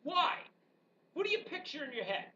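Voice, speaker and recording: A woman history teacher giving an animated, joking classroom lecture full of rhetorical questions to her students. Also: high-pitched, moderate pace. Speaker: high school history teacher. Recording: dull, distant classroom recording with faint background noise.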